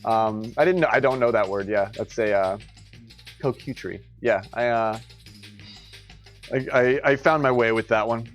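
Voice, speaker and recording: A man's voice: medium pitch, moderate pace, soft background music. A young man hosting a live-streamed game tournament, rambling casually, joking and laughing often between his words.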